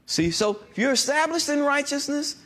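A male pastor preaching with a high, bright voice that swings widely in pitch. He draws out scripture lines slowly and with emphasis, then turns to the congregation with quick call-and-response asides. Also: big pitch swings. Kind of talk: sermon.

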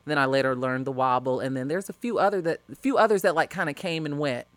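A woman's voice: sits low, quick pace, no echo. A woman from Chicago, a podcast co-host in casual chat, talking in a chatty, opinionated way.

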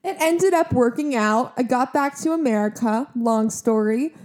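A woman's voice: a little high, moderate pace. A young woman co-hosting a podcast, telling a story in casual chat, full of "like" and acted-out quotes. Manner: animated, heavy use of "like", acts out quotes. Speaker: podcast co-host.

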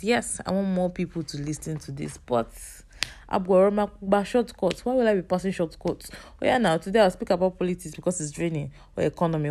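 A low, gravelly woman talks through a casual faith-based podcast episode. She is chatty and teases herself, her voice a little off, with a mellow, darkish tone. She encourages her listeners as she goes. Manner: chatty, self-teasing, laughs often. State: voice a bit off. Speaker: podcast host.

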